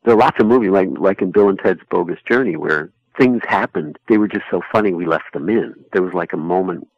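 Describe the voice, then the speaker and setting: Man, very deep voice, gravelly, relaxed rambling interview talk, dull lo-fi sound. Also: a little fast, a little hiss or hum. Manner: relaxed, rambling, self-deprecating. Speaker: actor being interviewed. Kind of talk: casual interview chat.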